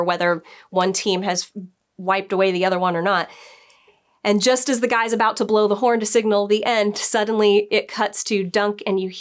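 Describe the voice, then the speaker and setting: Woman, book editor, casual review, chatty, acts out quotes, mid pitch. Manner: chatty, acts out characters' lines, frequent "like".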